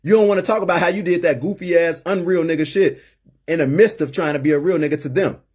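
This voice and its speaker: Husky-voiced man preaching hard from experience. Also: fairly high pitch, quick pace, a little mellow. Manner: emphatic, repeats words when worked up. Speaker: call-in show host. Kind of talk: impassioned monologue.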